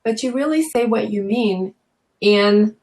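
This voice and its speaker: A woman coaching parents speaks in a calm, measured way during a casual discussion. Her voice sits in a middle register. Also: mid-range voice, low-quality recording.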